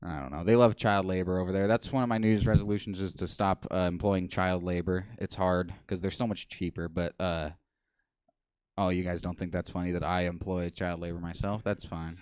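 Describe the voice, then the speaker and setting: A man in his twenties doing a deadpan, self-mocking stand-up set on a small comedy stage. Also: deep voice, brisk, clear, resonant tone, no echo. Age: 20s.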